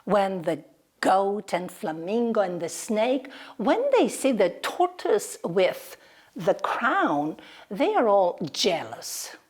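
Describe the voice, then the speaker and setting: A woman's voice: medium pitch, big pitch swings, slow pace, husky. A woman with a Greek accent, teaching English to children by telling an animal fable and acting out the voices. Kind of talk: storytelling lesson for children.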